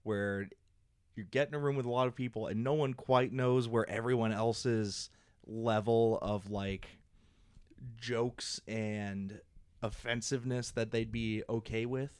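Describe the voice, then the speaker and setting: A young man riffs his way through a loose comedy podcast, cracking himself up as he tells stories. His voice sits at an ordinary pitch. The sound is dry and close, with no room around it. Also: measured pace, clear, resonant tone, no room sound. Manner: laughs often, animated storytelling. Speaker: podcast co-host. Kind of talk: casual comedic chat.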